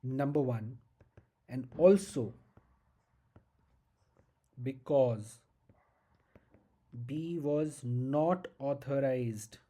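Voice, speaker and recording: A law lecturer with an Indian English accent giving a slow, emphatic exam-prep lesson, repeating key points and checking in with "okay?". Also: mid-range voice, mellow.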